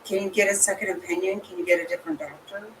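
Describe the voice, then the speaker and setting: A woman's voice: mid-range voice, steady tone, very fast, a bit bright, a little hiss or hum, poor audio. A woman reacting in casual chat, blunt and outraged, swearing freely. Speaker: channel host reacting to a livestream guest.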